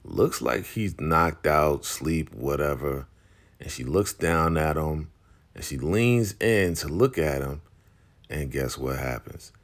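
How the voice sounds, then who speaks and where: A man recaps a TV episode in a casual, animated way. His voice is very deep, gravelly and husky, and his pitch swings widely. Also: slow. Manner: animated, playacting characters. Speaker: show recapper.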